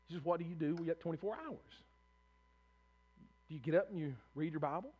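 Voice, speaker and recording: A man's voice: high voice, muffled recording. A man preaching a sermon, earnest and emphatic, acting out prayers in the first person and repeating words as he builds a point.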